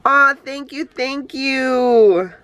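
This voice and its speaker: A woman from Hawaii, a craft YouTuber, gushing with excitement as she unboxes happy mail in casual chat. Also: high-pitched, drawn-out words, no echo. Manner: gushing, exclamatory, lots of "oh my gosh". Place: home, Phoenix.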